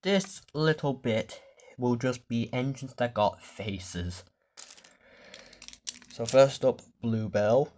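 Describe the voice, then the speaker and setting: Man, casual show-and-tell vlog, rambling, off-the-cuff, mild cursing, mid-pitched voice. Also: takes it slowly, long pauses, darkish tone. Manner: rambling, off-the-cuff, swears when the camera loses focus. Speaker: toy collector vlogger.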